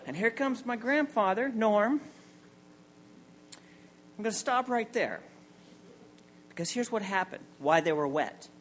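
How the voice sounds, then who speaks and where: A man's voice: high voice, animated, a little slow, long pauses, fairly bright tone, slight background noise. A man in his forties telling a comic, self-mocking personal story on stage at a story night, acting out the people in it. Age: 40s.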